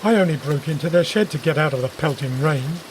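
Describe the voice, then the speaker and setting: A nervous, down-on-his-luck male intruder who speaks in a low, tense hush, as a woman narrator puts him on. The voice sits well below her own and drops further when he turns ashamed. Steady rain patters behind. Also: a little fast, a little hiss or hum, lightly acted, low-quality recording. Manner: hushed, tense, lowered voice.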